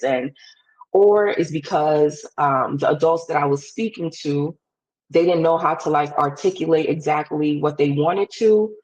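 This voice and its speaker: A woman's voice: sits low, a little mellow, rough recording. A young woman, a podcast guest candidly telling a personal story and acting out the things people said. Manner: candid, quick, acts out quoted dialogue.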